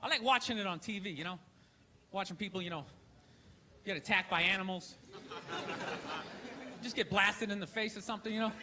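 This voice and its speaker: A high, sharply bright male voice tells a stand-up story on a comedy stage. He is from the United States. His delivery is blunt and laced with profanity. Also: brisk, long pauses.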